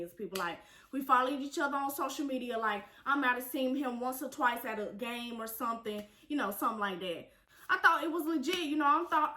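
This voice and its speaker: A woman's voice: high voice, bright, forceful tone, echoey room. Sassy chatty young woman vlogger. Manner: chatty and sassy, addresses viewers as y'all. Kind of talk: storytime vlog.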